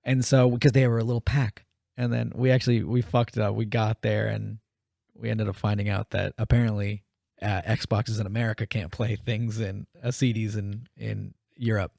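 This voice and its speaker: A man's voice: fairly low pitch, flat delivery, normal speed, creaky, warm tone, no echo, studio quality. A man co-hosting a podcast, telling a story in casual, profane chat and acting out the quotes. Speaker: podcast co-host.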